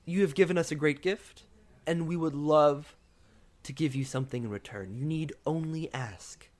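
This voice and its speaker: A man voicing a gracious, formal squirrel king in a tabletop game, with a stately, measured delivery. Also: a little high, a little mellow, lightly acted.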